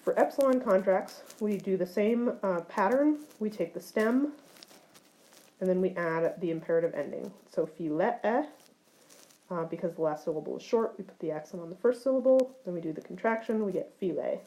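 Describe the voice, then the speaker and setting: A woman's voice: on the low side, lively intonation, normal speed, mellow, low-quality recording. A woman teaching ancient Greek grammar in a recorded lecture, explaining forms step by step, with occasional fillers.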